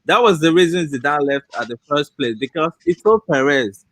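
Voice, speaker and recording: A man's voice: on the high side, lively intonation, normal speed, a bit bright, dry recording, rough recording. A man co-hosting a casual football podcast, rambling through his explanations with many fillers.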